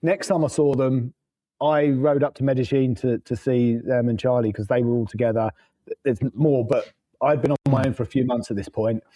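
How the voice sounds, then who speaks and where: Man, podcast guest, rambling anecdotes, swears, laughs a lot, mellow tone. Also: mid-range voice, fairly even intonation, moderate pace, poor audio. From England. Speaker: podcast guest, motorcycle traveler. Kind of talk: casual storytelling.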